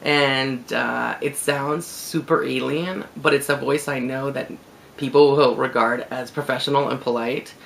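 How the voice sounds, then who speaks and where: Man, gravelly, creaky fry, mid-pitched, casual vlog monologue, candid, easy laughs, faint background hiss. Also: steady tone, unhurried, a bit bright, poor audio. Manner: candid, laughs easily, many fillers. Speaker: video blogger.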